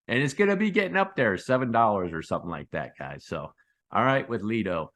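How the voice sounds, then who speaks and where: A man hosting a casual chart commentary, rambling and repeating himself, calling his viewers guys and breaking into excited bursts. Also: lowish voice, a little fast. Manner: excitable bursts with sound effects. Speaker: crypto channel host.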